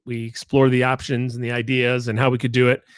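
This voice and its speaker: A man's voice: medium pitch, monotone, fairly quick, no room sound. Guy rambling thru a funny story on his podcast, dry close sound, lots of jokes at his own expense. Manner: rambling, self-deprecating, jokey. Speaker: podcast host. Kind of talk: casual solo podcast storytelling.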